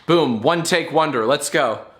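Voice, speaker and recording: A man's voice: on the high side, a little slow, noisy background. Rambling playful man hosting a show. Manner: rambling, playful, explains with repeated "all right?". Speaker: YouTube show host. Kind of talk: casual talk to camera.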